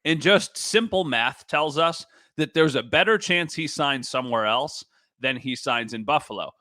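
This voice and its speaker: A man co-hosting a sports podcast in a casual, joking way, quick to poke fun at himself. His voice is bright, at a middle pitch. The recording is dry and close. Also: no room sound. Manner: joking and self-deprecating. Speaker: sports reporter and podcast co-host.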